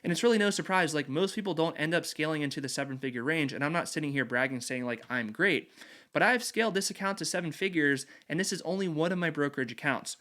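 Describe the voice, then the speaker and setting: A man in his thirties with a somewhat high voice, walking viewers through his brokerage trades in an animated, persuasive way. He talks like a host explaining his system step by step. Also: fast. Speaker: investing video host. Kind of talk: screen-share explainer.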